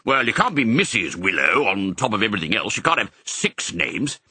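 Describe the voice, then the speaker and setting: Casting: a man putting on a hearty old sheepdog colonel for a storybook, bright and forceful, bouncing all over his range, slightly husky. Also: on the low side, big pitch swings, no echo, full character voice. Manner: brisk, bluff, fatherly. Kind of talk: audiobook character voice.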